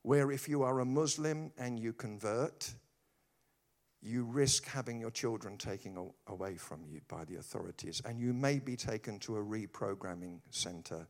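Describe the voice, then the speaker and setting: A man preaching a humorous sermon, telling stories with animated delivery and quick asides. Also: fairly low pitch.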